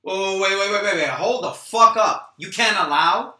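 A man's voice: sits high, moderate pace, bright, forceful tone, echoey room. A man reading a swaggering gangster part at a virtual script reading. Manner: swaggering tough-guy delivery, heavy profanity.

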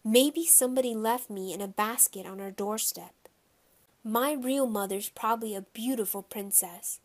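A woman's voice: a little high, moderate pace, close to an everyday voice. A woman voicing an indignant young boy who protests and sulks, in a storybook reading. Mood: sulky. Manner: protesting, sulky. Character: indignant boy of about nine, sulky.

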